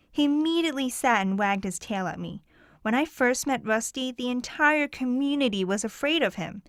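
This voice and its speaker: Clear, higher-voiced woman narrating. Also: fairly bright tone, dry recording, studio quality. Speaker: audiobook narrator. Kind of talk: first-person audiobook narration.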